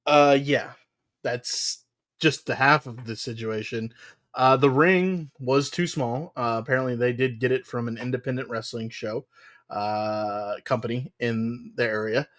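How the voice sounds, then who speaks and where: Man, podcast co-host, casual rambling chat, frequent laughs, mid-pitched voice. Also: measured pace, a bit bright. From United States. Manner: rambling, laughs often, lots of filler "uh".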